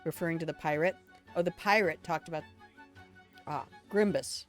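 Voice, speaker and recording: An older woman from Alabama, United States, streams a game and chats casually to her viewers, rambling through stories as she plays. Her voice sits low at a normal speed, with soft music in the background.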